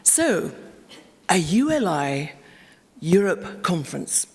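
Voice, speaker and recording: A woman's voice: lowish voice, big pitch swings, slow, breathy edge. A bilingual French and English woman moderating a conference in a chatty, witty, self-deprecating way. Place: large conference hall. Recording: long reverb of a conference hall.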